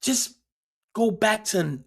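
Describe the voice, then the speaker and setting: Profane, rambling livestream host. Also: male voice, sits high, expressive, slow pace, vocal fry. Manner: profane, rambling, repeats words often. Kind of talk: casual livestream commentary.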